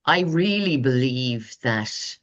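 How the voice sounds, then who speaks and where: A woman's voice: very deep voice, animated, slow, muffled recording. A woman hosting a podcast, talking in an effusive, spiritual way about energy and passion. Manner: effusive, warm-hearted, spiritual. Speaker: podcast host. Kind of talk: casual interview chat.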